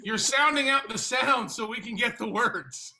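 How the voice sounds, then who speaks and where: A man with a high, very bright, sharp voice who teases the others during a casual word game. His explanations come with a laugh. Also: moderate pace, poor audio. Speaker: game player.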